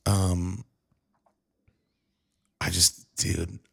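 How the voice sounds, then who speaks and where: A man's voice: low voice, little pitch movement, extremely slow, creaky, a bit bright, husky. A man in his thirties telling a painful family story to the camera in a loose, casual way, with lots of "like" and "dude". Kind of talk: emotional personal storytelling.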